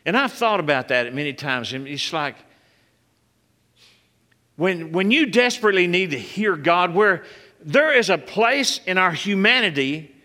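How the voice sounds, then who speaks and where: Pastor, male, a bit high and bright, calls out to the congregation, preaches loud then hushed. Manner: emphatic, rises loud and high on key points, drops soft and low for quiet moments. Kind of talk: sermon. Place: church sanctuary. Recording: long hall reverb.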